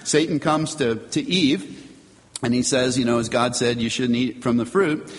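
A man preaching a sermon, earnest and emphatic, reading scripture aloud and driving points home with measured pauses. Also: medium pitch, long reverb tail. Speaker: pastor.

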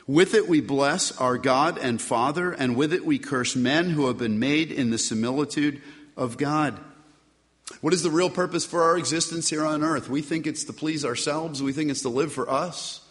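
A male pastor delivering a sermon in a church sanctuary. His voice sits mid-range and moves between emphatic, lifted phrases and quieter, settled endings. A long reverb hangs behind each line. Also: mid-range voice. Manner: emphatic preaching with rising and falling delivery.

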